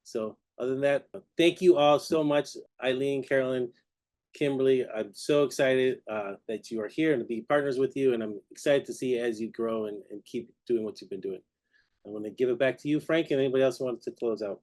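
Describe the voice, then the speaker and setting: A man's voice: mid-range voice, brisk, a little mellow. A man co-hosting a video-call meeting, upbeat and encouraging as he wraps up. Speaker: meeting co-host. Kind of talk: casual meeting wrap-up.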